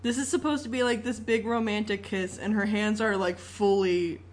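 A woman co-hosting a podcast, animated and laughing as she recaps a movie in casual chat, swearing freely along the way. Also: medium pitch, normal speed. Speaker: podcast co-host.

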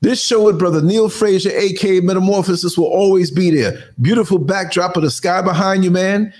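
A man's voice: high-pitched, a little fast, a little mellow. A man in his sixties hosting a live-streamed talk show under studio lights, talking in an emphatic, motivational way. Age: 60s. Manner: emphatic, motivational, fights in boxing terms.

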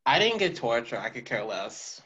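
A teenage male podcast host in casual chat, rambling and defensive. His pitch jumps around a lot. The recording is dull and lo-fi. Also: big pitch swings, moderate pace, bright, forceful tone.

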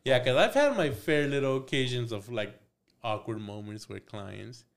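Speaking at normal speed in a gravelly, medium-pitched voice, a young tattoo artist guesting on a podcast tells a loose, lively story. He performs all the dialogue himself, swears a lot, and drops in bits of Spanish.

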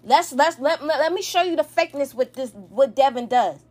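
A woman in her thirties with a high voice tells her side of a family fight, heated and cursing freely. She rambles and restarts her sentences as she talks things through. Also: lively intonation, moderate pace, a little mellow. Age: 30s. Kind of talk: emotional storytime rant.

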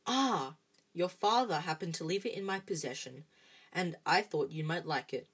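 A whimsical, dreamy old wizard headmaster, as a woman reading aloud puts him on, musing gently and wryly. The voice sits low and a little husky, with a soft, unhurried storybook feel. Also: expressive.

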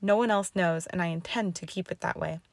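Woman narrator voicing a steady older headmistress witch, low, slight fry, dry audiobook sound. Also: dry recording. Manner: calm, measured, sympathetic.

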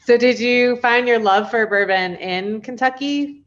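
A woman's voice: on the high side, measured pace, lo-fi sound. A woman hosting a podcast, opening the show and interviewing a guest in a bubbly manner, laughing often. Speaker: podcast host.

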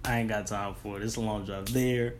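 A man's voice: lowish voice, fairly quick, a little hiss or hum. A young man, casually telling a long rambling story about his delivery job. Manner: rambling, restarts, relaxed colloquial. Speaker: delivery driver.

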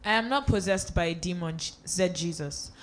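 Steady voice reading scripture aloud. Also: medium pitch, moderate pace. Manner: steady reading with small slips and restarts. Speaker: scripture reader.

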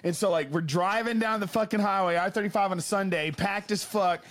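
A man's voice: sits high, fairly quick, fairly bright tone. A young man co-hosting a podcast, telling stories in a casual, swearing way and acting out other people's voices. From Texas. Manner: swears a lot, acts out people in quoted voices. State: injured toe. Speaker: podcast co-host. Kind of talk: casual chat.

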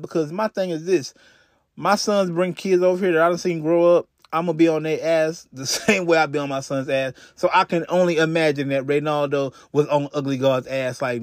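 A man's voice: high voice, fairly bright tone, no echo. A man hosting a podcast, retelling a crime story in a casual, profane way with lots of restarts and asides, on a close mic. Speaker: podcast host.

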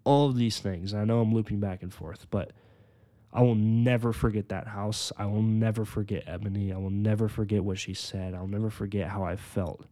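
A man in his twenties telling his personal faith testimony on a podcast, earnest and full of "like"s, slowing down on the heavy parts. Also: lowish voice, steady tone. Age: 20s. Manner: earnest, filler-heavy storytelling with many "like"s; slows down and softens on emotional points. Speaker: podcast host.

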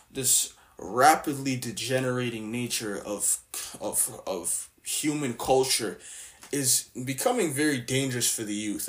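A man's voice: medium pitch, fairly bright tone. Young adult man from Canada, blunt slang-heavy vlog rant with a mocking edge. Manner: slangy, blunt, mocking, lots of filler words. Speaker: vlogger. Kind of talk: casual opinion rant.

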